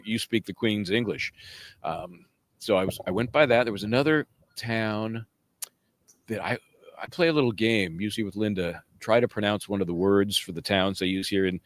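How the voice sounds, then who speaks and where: A man's voice: fairly low pitch, no room sound. A man chatting casually on a live stream, rambling between topics and reading out viewer comments. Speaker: livestream legal commentator. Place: outdoors near a courthouse.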